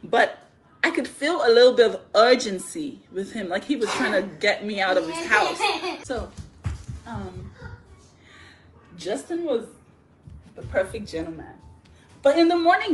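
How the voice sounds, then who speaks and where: A woman casually telling a story on a phone livestream, chatty and animated, laughing often. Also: medium pitch, slight background noise. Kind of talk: casual live story time.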